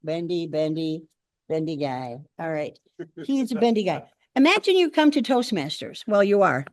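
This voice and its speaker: A woman's voice: on the low side, moderate pace, dry recording, studio quality. An older woman giving a humorous speech at a speaking club, acting out the quotes in her stories. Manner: animated storyteller, acts out quotes. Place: meeting room.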